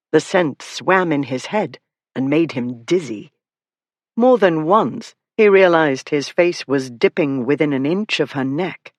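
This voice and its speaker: An audiobook narrator with a steady, mid-pitched storytelling read. The recording is close and dry, with no room sound at all. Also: dry recording. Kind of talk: scripted narration.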